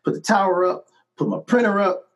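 A middle-aged man recounts his career as a musician in a relaxed interview. His voice sits a little high for a man, and he tells his stories with animation, often laughing and checking in with "right?" along the way. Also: fairly quick, creaky, rough recording. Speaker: musician guest. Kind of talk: casual storytelling interview.

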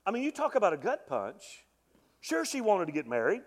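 Middle-aged pastor preaching, kinda high voice that jumps all over, gets loud then drops to a hush. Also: male voice, fairly quick. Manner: animated preaching, voice swelling and dropping to a hush; repeats words when restarting. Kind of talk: sermon.

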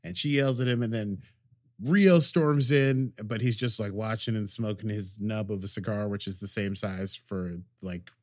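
A man's voice: on the low side, moderate pace, no room sound, clean studio sound. Jokey rambling man recapping an episode. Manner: rambling, jokey, acts out characters' lines. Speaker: podcast co-host. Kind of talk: casual recap chat.

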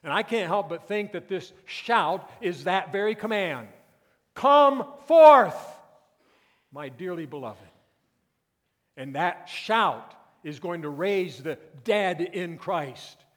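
Pastor preaching in an echoing hall. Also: male voice, high voice, slow pace, hardly any pauses. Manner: earnest preaching, swings from hushed to loud emphatic peaks. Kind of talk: sermon. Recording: long reverb of a church hall.

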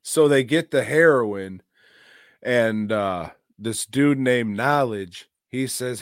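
A man's voice: medium pitch, slow pace, no echo, clean studio sound. A man co-hosting a podcast, retelling a movie's plot in casual, profane, jokey chat. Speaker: podcast co-host.

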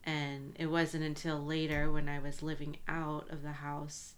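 A woman interviewer chatting casually and giving soft backchannels. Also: sits low, level tone, a little slow. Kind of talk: casual chat.

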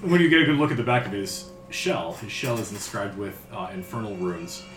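Low-voiced man narrating a tabletop game. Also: a bit bright. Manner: descriptive, unhurried with filler words. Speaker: game master. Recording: roomy echo with faint music.

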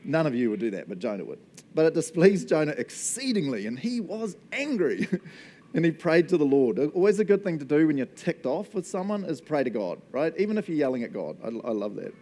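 A man's voice: medium pitch, very animated, fast talker, dark tone. A man with a New Zealand accent preaching a sermon in a jokey manner, laughing often. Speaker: pastor.

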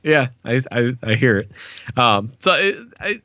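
A man's voice: medium pitch, very animated, unhurried, pushed and bright, no echo. A man co-hosting a podcast, casually talking through a TV episode, with frequent restarts and laughter. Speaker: podcast co-host.

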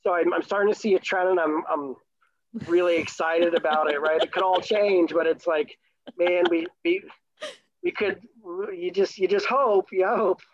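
A man's voice: sits high, fairly even intonation, normal speed, dry recording. A man in his thirties from Florida telling a long, enthusiastic, rambling story in casual chat. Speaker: sailor and new father telling a story. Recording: dull lo-fi recording.

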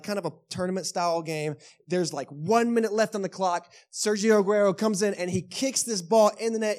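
A man with a Texan accent preaches to his church in a conversational way, often checking in with the congregation. His voice sits a little high. He tells stories with big swings of energy and sometimes shouts. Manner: lively storytelling with bursts of shouting; conversational, asks the congregation questions. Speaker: pastor. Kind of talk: sermon. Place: church sanctuary.

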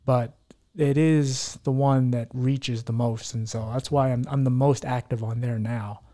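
A man's voice: mid-range voice, steady tone, a little slow, dark tone. A man hosting a podcast in casual chat, talking in an earnest, heartfelt, rambling way. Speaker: podcast host.

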